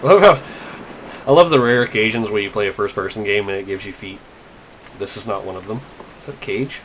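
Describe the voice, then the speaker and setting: A man's voice: fairly low pitch, fast, fairly bright tone, a little hiss or hum, rough recording. A young man giving casual, rambling gameplay commentary, wry and full of fillers and swearing. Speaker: let's play gamer. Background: faint game music.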